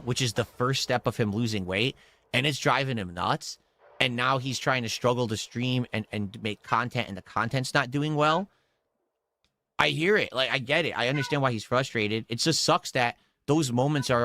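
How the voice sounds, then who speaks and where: A man in casual chat, rambling through an animated story as a podcast co-host. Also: mid-range voice, normal speed.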